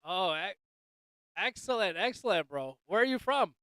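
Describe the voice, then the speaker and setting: A man's voice: high voice, lively intonation, moderate pace, pushed and bright, smooth, no echo. A man hosting a casual livestream chat, joking loosely and swearing, calling everyone dude and bro. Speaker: livestream host. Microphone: desk microphone.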